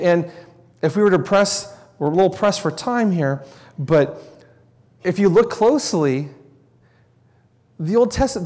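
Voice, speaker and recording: Man, preacher, sermon, earnest, emphatic, repetitive stress, slightly high voice, long hall reverb. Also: a little mellow.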